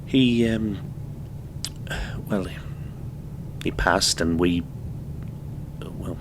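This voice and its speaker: A man playing a grown son who recounts his childhood in a halting, subdued way. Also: sits low, background noise. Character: weary grown son of abused mother.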